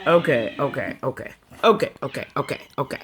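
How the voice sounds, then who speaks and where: A woman's voice: extremely low pitch, animated, moderate pace, very noisy. An older woman, a grandmother, coaxing and teasing her dog in a casual home video, laughing often.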